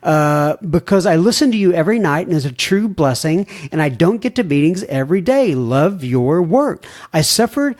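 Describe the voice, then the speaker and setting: A man's voice: fairly high pitch, animated, moderate pace, few pauses. A man hosting a podcast, reading listener emails aloud with folksy asides. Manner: folksy, warm-hearted asides. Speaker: podcast host.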